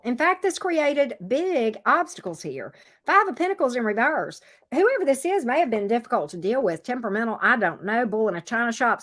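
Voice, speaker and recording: A woman reads tarot in a loose, chatty way, talking right to the viewer and circling back over her own phrases. Her voice sits a little high and swings up and down freely. She teases with playful exclamations as she goes. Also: a bit bright. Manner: chatty, talks straight to the viewer, repeats phrases. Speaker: tarot reader. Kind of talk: casual tarot reading addressed to viewers.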